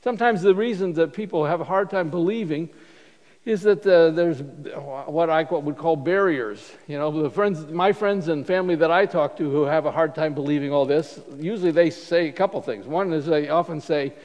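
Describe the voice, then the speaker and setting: Male pastor, high voice, loose stop-start sermon delivery, reverberant hall sound. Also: darkish tone. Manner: informal, halting delivery with frequent restarts. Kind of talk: conversational sermon.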